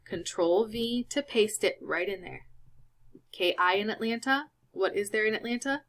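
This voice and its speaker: A woman's voice: medium pitch, normal speed, fairly bright tone. A woman teaching a Spanish lesson over a screen recording, patient and explaining each step.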